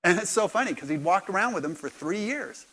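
A man preaching a sermon in church, animated, jumping from quiet remarks to loud acted-out lines. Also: sits high, fairly quick. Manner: animated, acts out dialogue with sudden loud bursts. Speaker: pastor.

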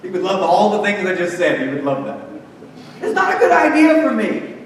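A man with a high voice preaching in a sermon, chatty and wry, then hammering his points home in punchy lists. He is picked up from a distance, and his voice rings around a large, echoing hall with a long reverb tail and a faint hiss beneath. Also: huge pitch swings, fairly quick. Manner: conversational and joking, with sudden emphatic lists. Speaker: pastor. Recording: echoey hall, mic far off.

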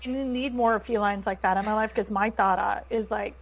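A woman from Canada with a Canadian accent, talking as a podcast guest in animated casual chat, laughing often and saying "like" a lot. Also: mid-range voice, moderate pace, creaky, low-quality recording.

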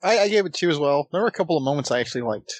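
A man's voice: fairly high pitch, lively intonation, very fast, dry recording. A man co-hosting a casual podcast, laid-back and chuckling as he adds trivia asides. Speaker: podcast co-host.

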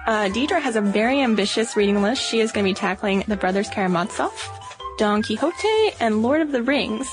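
A woman co-hosting a podcast in relaxed, conversational chat. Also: on the high side, brisk, over music. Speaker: podcast co-host.

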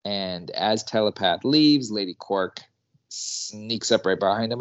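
A man's voice: on the low side, unhurried, fairly bright tone, muffled recording. A man co-hosting a casual recap chat, telling the story animatedly and laughing often. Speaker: podcast co-host, teacher.

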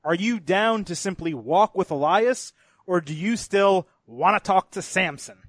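A man with a high voice, upbeat as he introduces each segment and hands questions to his co-hosts. He is recorded dry and close. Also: animated, measured pace, no room sound. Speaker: podcast host running segments. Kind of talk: casual wrestling podcast chat.

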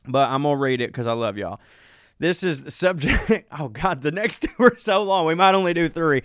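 A man's voice: mid-range voice, very animated, moderate pace, fairly bright tone, clear, resonant tone, dry recording, clean studio sound. A man with a Southern US accent, co-hosting a comedy podcast in a casual, joking, folksy way as he reads listener emails aloud. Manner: joking, folksy, self-mocking.

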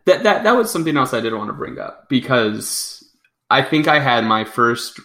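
This young adult man co-hosts a podcast, chatting casually and rambling while often correcting himself. His medium-pitched voice is sing-song, pushed and bright, moving at a normal speed.

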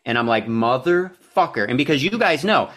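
A young man telling a long story on a casual podcast, easygoing and unpolished. He swears freely and sounds exasperated with himself. His pitch sits right in the middle for a man. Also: very animated, fast talker, pushed and bright, slightly rough. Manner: profane, self-deprecating, exasperated. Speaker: podcast co-host.

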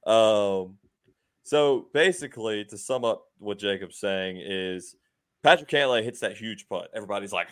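A man with a low voice hosts a sports podcast. He recaps the weekend's games cheerfully, laughing often and using lots of fillers. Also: moderate pace. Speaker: podcast host. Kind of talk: casual sports chat.

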